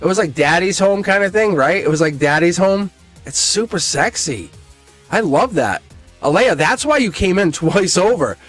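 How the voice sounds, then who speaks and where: An excitable man reading tarot cards on a live stream, his fairly high voice swooping up and down as he talks. He laughs often and swears freely, all in a loose, casual way. Faint music plays behind him. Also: normal speed.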